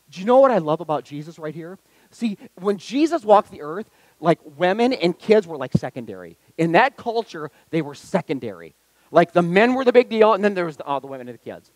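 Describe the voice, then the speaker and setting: A male pastor preaching a sermon with lots of energy, moving between loud calls to the congregation and quiet, tender appeals. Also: high voice, fairly quick, dry recording, poor audio. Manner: energetic, swings from loud exhortation to hushed intimacy. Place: church sanctuary.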